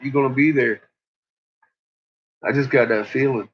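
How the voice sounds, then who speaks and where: A man's voice: medium pitch, level tone, moderate pace, long pauses, dull audio. A man chatting in a rambling way about his dogs, chuckling often and cooing at them. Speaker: dog owner vlogger. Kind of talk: casual rambling chat.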